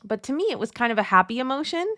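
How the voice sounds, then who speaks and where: A woman in her thirties hosting a devotional show, talking casually and telling family stories with lively retellings. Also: fairly high pitch, rapid-fire, dry recording, clean studio sound. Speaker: podcast host.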